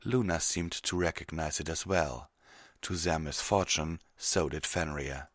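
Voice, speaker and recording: A man narrating a fantasy story in a steady, measured audiobook reading. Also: very deep voice, no echo, studio quality.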